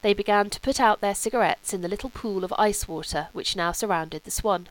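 A woman reading a novel aloud as a measured, literary audiobook narration. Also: medium pitch. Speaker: audiobook reader. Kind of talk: scripted narration.

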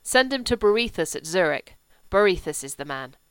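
A woman's voice: on the low side, sing-song, normal speed, fairly bright tone, clean tone, dry recording. A woman voicing a cheerful, hectoring, self-assured man.

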